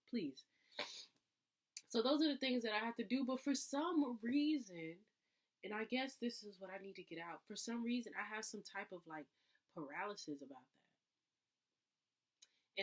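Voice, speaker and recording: A woman talking casually to her viewers in a confessional vlog, reflective and chatty, full of "like" and "um", breaking into louder, higher bursts when she vents. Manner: chatty, reflective, filler-heavy with frequent "like" and "um"; jumps into higher, louder acted outbursts when venting. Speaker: vlogger.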